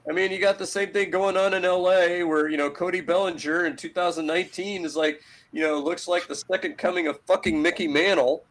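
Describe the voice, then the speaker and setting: A man co-hosting a sports podcast, ranting in a profane, sarcastic way with loud jumps in pitch. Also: fairly even intonation, brisk. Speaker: podcast co-host. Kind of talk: heated sports talk.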